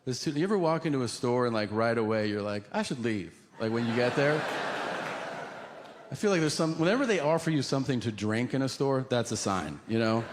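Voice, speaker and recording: A man doing animated, profane stand-up comedy storytelling with deadpan asides on a stage before a live audience. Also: medium pitch, a little fast, crowd noise.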